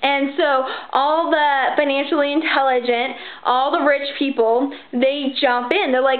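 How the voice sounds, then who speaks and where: A woman's voice: sits high, steady tone, moderate pace, few pauses. A woman chatting casually about money, rambling with many fillers and restarts and acting out the people in her stories. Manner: acts out quoted people in her story. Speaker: vlogger giving financial advice. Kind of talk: casual chat. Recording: tinny phone-like sound.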